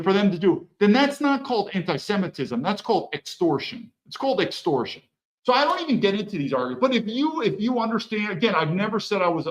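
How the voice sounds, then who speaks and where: Emphatic, lively-voiced man commentator. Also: high voice, rough recording. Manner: emphatic, repeats words, rhetorical questions. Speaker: political commentator. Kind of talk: opinionated monologue.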